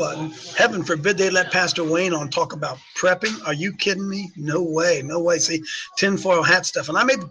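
This talk show host delivers opinionated radio commentary in a high voice, bright and forceful in a slightly raised register. Emphatic throughout, he repeats phrases to drive points home and peppers his audience with rhetorical questions, all over poor audio.

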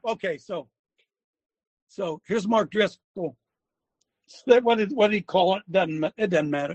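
An older man hosting a talk show as a former coach, venting and scolding his audience with bursts of shouting. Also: high-pitched, measured pace, long pauses. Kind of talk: ranting commentary.

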